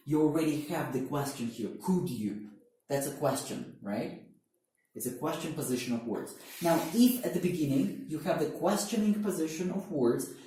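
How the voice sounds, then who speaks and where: A man with as his teaches an English grammar lesson in a lively, swooping voice that keeps putting questions to the class. His tone is mellow. He sounds far from the mic in a very echoey classroom. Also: fairly high pitch. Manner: animated, emphatic questions to students.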